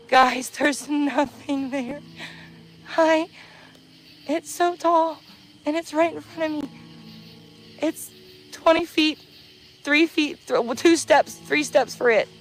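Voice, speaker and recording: A woman filming herself outdoors in dark woods at night on a handheld camera, talking to viewers in a frightened, pleading, panicky way and swearing. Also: high-pitched, steady tone, slow, pauses often, faint music behind. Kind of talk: frightened live commentary to viewers.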